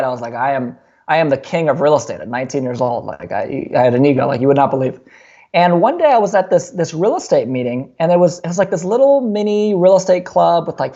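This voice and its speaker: Fast-talking young man telling his story. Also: on the high side, highs cut off. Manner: fast, animated storytelling with many fillers and restarts. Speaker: podcast guest. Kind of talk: casual storytelling interview.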